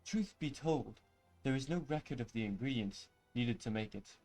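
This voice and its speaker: Man reading as elderly game healer, slow and measured, reassuring. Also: mid-range voice, lively intonation, a little mellow, faint music behind, voice pushed down, close to an everyday voice. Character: old village healer trying to sound elderly.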